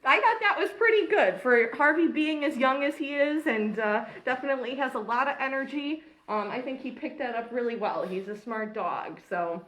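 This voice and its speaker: A woman's voice: high voice, lively intonation, moderate pace, few pauses, fairly bright tone. A woman dog trainer explaining walking techniques in a casual, chatty way, with firm, short commands to the dog. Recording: echoey room, mic at a distance.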